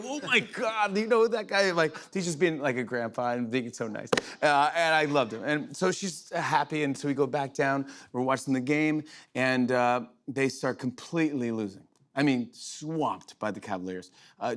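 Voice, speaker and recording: Give me a middle-aged man as a talk show host, telling an excited, rambling story in a TV studio. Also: fairly low pitch. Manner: rambling, excited, many restarts and fillers. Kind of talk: monologue, storytelling chat. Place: TV studio with live audience.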